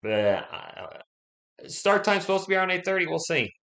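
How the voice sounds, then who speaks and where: A man's voice: high voice, very animated, normal speed, fairly bright tone. A man hosting a sports livestream, chatting casually, rambling and greeting viewers by name, his voice still recovering from being sick. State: voice recovering from illness.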